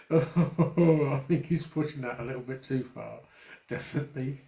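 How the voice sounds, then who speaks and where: Slow, giggly reaction commentator. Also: mid-range voice, vocal fry, mellow, echoey room. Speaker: viewer reacting to the clip.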